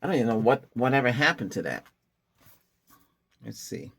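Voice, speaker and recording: A man with a husky, mid-pitched voice hosts his tech channel. He talks in a loose, rambling way, restarting sentences and chuckling to himself. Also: big pitch swings, normal speed, fairly bright tone. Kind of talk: casual rambling vlog talk.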